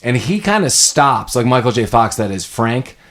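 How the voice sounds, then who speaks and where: Animated man recapping a movie. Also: mid-range voice, normal speed. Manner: animated retelling, acts out characters' lines. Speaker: podcast co-host. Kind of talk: casual movie recap chat.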